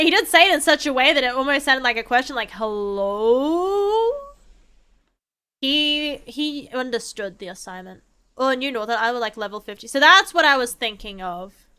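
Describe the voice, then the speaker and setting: A young woman streaming a game, chatting casually in a rambling way, swearing freely and breaking into excited outbursts. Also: a little high, clear, resonant tone. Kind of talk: casual gameplay chat.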